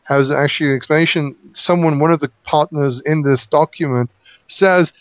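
Male Bible teacher, slightly high voice, casual explanatory study chat, dry close lo-fi sound. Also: normal speed, no room sound. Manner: explanatory, with frequent restarts and fillers. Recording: dull lo-fi audio.

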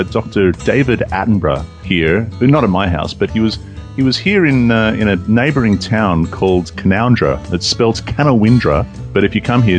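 Lively, jokey man hosting. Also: on the low side. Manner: jokey, rambling, lively delivery. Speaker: podcast host. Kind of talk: casual chat. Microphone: video call.

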